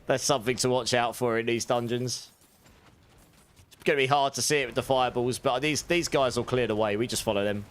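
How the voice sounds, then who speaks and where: A man's voice: medium pitch, fairly even intonation, brisk. A young man livestreaming a game, chatting casually with his viewers and thanking them, his voice a little sore. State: slightly sore voice. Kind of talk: casual gameplay chat with viewers.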